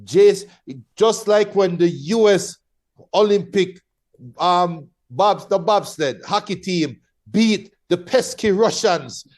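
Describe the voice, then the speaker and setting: A Jamaican man making confident, playful predictions in a relaxed sports chat. His voice sits a little high for a man. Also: slow. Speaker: co-host.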